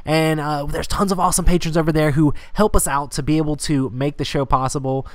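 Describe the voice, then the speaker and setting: A podcast co-host talks casually in an upbeat, grateful way. The voice sits at a middling pitch. The sound is dry and close. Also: steady tone, brisk, no room sound.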